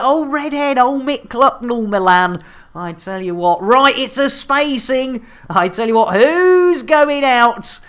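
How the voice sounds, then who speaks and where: A woman hosting a live game stream, full of bawdy jokes and giggles and prone to flustered stammering. Her voice sits a little high, and she takes her time over the words. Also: fairly bright tone.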